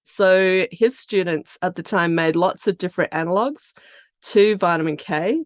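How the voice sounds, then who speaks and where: An Australian woman with a slightly low voice talks through her science and career in an easy, explanatory way. She sounds close and dry on a podcast mic, with no room around her. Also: normal speed, no room sound. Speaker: biotech company founder and CEO. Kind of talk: podcast interview answers.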